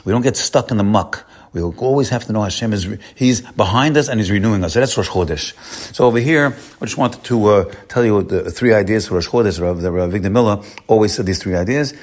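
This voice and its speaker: A man giving an inspirational sermon, addressing listeners as his friends, repeating phrases and swinging his voice up and down for emphasis. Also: husky. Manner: lively swings in pitch and loudness for emphasis. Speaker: rabbi giving a short talk.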